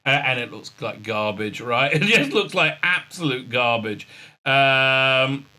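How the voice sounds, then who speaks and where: A man's voice: medium pitch, animated, unhurried, pushed and bright. A man recapping a TV episode in a sarcastic, ranting tone, with many "uh"s and sighs of exasperation. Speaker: show reviewer.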